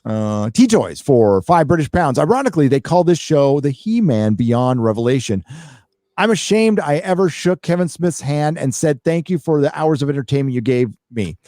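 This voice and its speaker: A man's voice: on the high side, big pitch swings, moderate pace, mellow, no room sound. Profane, rambling male stream host. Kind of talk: casual live-stream chat, reading donations.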